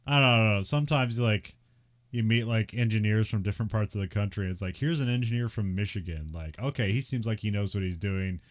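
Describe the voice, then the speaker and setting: A man's voice: on the low side, a little fast. Laughing, rambling male podcast co-host. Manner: laughs often, rambling with many fillers. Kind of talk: casual chat.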